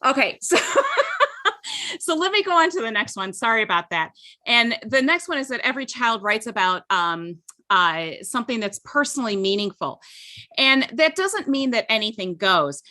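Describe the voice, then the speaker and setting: A woman's voice: fairly high pitch, animated, normal speed, pushed and bright. A woman co-hosting a teaching webinar over a video call, explaining in a chatty way with many fillers and frequent "okay?" checks. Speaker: webinar co-host, literacy educator.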